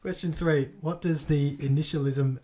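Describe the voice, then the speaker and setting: A man's voice: fairly high pitch, steady tone, moderate pace, mellow. A man co-hosting a podcast, reading out quiz questions in a dry, teasing, laid-back way. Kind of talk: casual chat.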